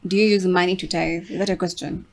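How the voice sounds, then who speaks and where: A woman's voice: lowish voice, fairly even intonation, quick pace. A woman co-hosting a casual podcast chat, listening closely and asking follow-up questions. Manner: attentive, questioning, with frequent murmured agreement. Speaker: podcast co-host.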